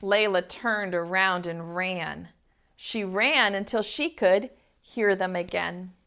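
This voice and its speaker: A young adult woman, a preschool teacher, reading a picture book aloud to small children with an animated, expressive manner. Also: mid-range voice, takes it slowly, smooth.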